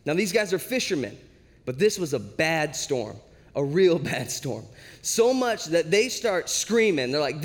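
A male preacher giving a sermon as casual, animated storytelling. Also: a little high, unhurried, big-room sound.

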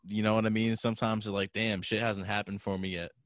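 Male host, low voice, dry close sound, relaxed and slangy. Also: fast, no echo. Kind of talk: casual interview chat.

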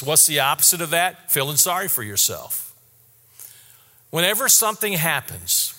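A man preaching a sermon in an earnest, candid way, repeating his key statements slowly. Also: a little high, pushed and bright, long reverb tail. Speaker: pastor.

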